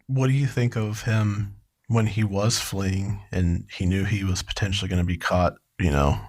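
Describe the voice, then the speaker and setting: A man co-hosting a true-crime podcast, talking casually with hesitant, halting restarts. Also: fairly low pitch, darkish tone. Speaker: podcast co-host.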